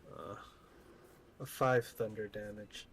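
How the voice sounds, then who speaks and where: Male tabletop player, slow and halting, faint hiss behind. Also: lowish voice, fairly even intonation, creaky, fairly bright tone. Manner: hesitant, searching for rules aloud. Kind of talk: casual tabletop play.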